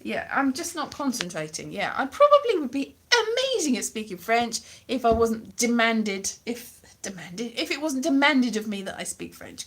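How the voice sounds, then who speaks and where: A woman's voice: on the high side, sing-song, moderate pace, few pauses. A woman chatting casually on a live stream, rambling and wry, recorded on a phone held at arm's length. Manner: rambling, wry, self-deprecating. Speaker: vlogger.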